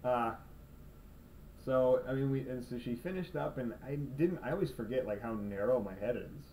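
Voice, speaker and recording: A man's voice: medium pitch, moderate pace, warm tone, recorded from a distance, low-quality recording. A young man rambles through a sarcastic, self-mocking comic vlog monologue in his room at night. He sits a little back from a cheap camera's built-in mic, with faint room noise behind him. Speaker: video blogger.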